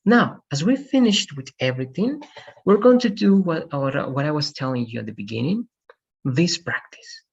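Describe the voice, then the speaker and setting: A man teaching an online English class, patiently correcting pronunciation and slowly modeling words for his students. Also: a little high, expressive, vocal fry, husky. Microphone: video call. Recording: dull lo-fi video call audio.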